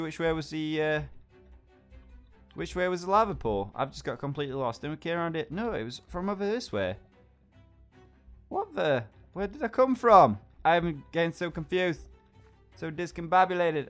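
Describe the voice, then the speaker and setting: Chatty young man, lively let's-play commentary, slightly raised pitch. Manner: chatty and excitable, talks to his pet dog, exclaims at surprises. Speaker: gaming channel host.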